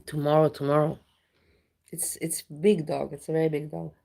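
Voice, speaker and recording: A woman's voice: deep voice, level tone, moderate pace, creaky, mellow. A woman chatting casually with viewers on a live stream, blunt and ranting, reading the chat aloud.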